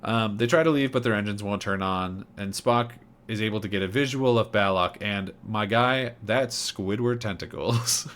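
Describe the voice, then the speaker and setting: A man's voice: lowish voice, moderate pace, hardly any pauses, fairly bright tone. A man co-hosting a podcast, casually recapping an episode and acting out characters' lines in mocking voices. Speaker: podcast co-host.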